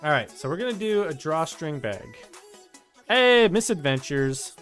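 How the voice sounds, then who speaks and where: A man's voice: a little high, sing-song, measured pace, fairly bright tone, soft background music. A man chatting casually on a live stream, loose and jokey, talking to his chat. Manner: loose, fillers and restarts, jokey, talks to chat.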